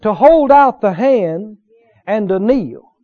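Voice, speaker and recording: A man from Mississippi, preaching a sermon in a fervent, repetitive way that climbs into shouts of praise. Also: high-pitched, lively intonation, slow, highs cut off.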